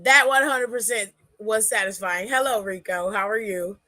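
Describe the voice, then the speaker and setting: A woman hosting a podcast, recapping a wrestling show in a casual, animated way and acting out what people said. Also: mid-range voice, moderate pace, no echo. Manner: animated storytelling, acts out quotes, laughs often. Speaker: podcast host.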